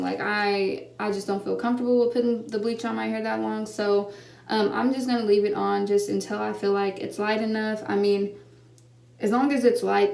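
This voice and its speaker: A woman's voice: medium pitch, gravelly, darkish tone. A young woman, chatting casually through a hair tutorial, rambling with lots of fillers and restarts, filmed on a phone at home. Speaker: hair vlogger. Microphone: phone camera. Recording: roomy, slightly distant phone recording with faint background hum.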